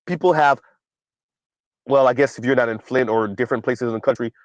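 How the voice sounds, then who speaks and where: A man's voice: mid-range voice, a little fast, dry recording, low-quality recording. Man hosting chatty commentary, dry close mic. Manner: conversational, asks "right?" often, reads comments aloud. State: dry cough. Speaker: commentary channel host. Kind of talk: casual commentary reading viewer chat.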